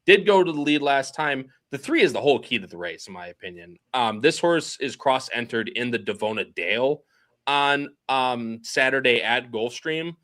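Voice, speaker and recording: A man hosting a casual racing podcast, chatty and quick to laugh as he reads out the live chat. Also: mid-range voice, expressive, a bit bright. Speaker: podcast host.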